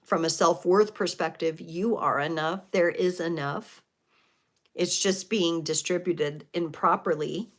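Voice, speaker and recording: Brief: middle-aged woman, tarot livestream host, lowish voice, reflective and searching. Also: fairly even intonation, a little slow. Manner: reflective, spiritual, with many fillers and restarts. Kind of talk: live tarot reading, casual talk.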